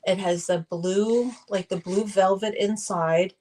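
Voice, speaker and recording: A woman hosts a live online sale. She talks in a slow, unhurried way. She chats warmly and gushes to her viewers. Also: mid-range voice, fairly even intonation, poor audio. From northern United States. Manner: chatty, gushing, talks to viewers directly. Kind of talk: casual live sale chat.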